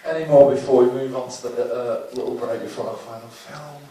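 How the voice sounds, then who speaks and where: A man's voice: mid-range voice, fairly even intonation, a little fast, warm tone. A man hosting a live Q&A, jokey and loose, coughing now and then as he picks people out of the audience. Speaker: festival host. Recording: echoey hall from far off, crowd and hiss.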